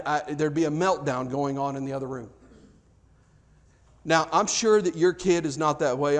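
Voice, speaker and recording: A middle-aged man, a pastor, preaches a storytelling sermon in a loose, conversational way. He breaks off and restarts as he recounts family stories, acting out the dialogue with big pitch jumps.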